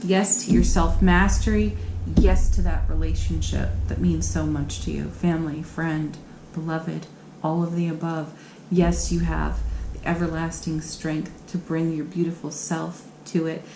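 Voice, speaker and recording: Low-voiced woman giving an encouraging tarot reading. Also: flat delivery, measured pace, slight background noise. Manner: warm, encouraging, affirming. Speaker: tarot reader. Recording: echoey room with faint ambience.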